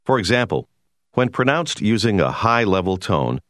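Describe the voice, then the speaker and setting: Male course narrator, deep and expressive, measured explanatory read, dry booth. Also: no echo. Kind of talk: scripted educational narration.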